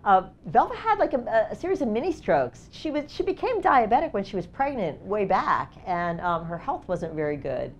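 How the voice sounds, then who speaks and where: A woman's voice: medium pitch, sing-song, normal speed, few pauses, muffled recording, a little hiss or hum. A middle-aged woman, a documentary photographer, telling stories in a casual seminar talk, full of "like" and "you know" and acted-out quotes. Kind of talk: casual storytelling presentation. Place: seminar event space.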